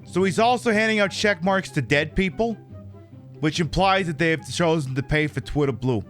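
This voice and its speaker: A man's voice: on the high side, moderate pace, fairly bright tone, faint music behind. A man chatting casually on a live game stream, rambling and sardonic.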